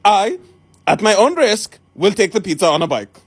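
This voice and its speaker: Figure: fussy pizza shop man, stiffly polite. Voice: lower than her own, slow and formal, a touch husky, as a woman puts him on. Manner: deliberate. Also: very animated, dry recording.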